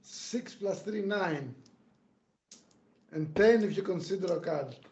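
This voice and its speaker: A man playing a tabletop game calmly describes what his character does. His voice is a touch high for a man, and the sound is dull and lo-fi. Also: slow pace, slight background noise. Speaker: player.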